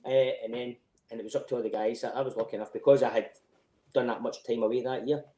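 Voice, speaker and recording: A middle-aged Scottish man with a broad accent appears as a podcast guest, spinning yarns in casual chat, swearing a lot and laughing through his own stories. His middle-pitched voice is fast and mellow with fairly even intonation, set in a roomy, echoey space.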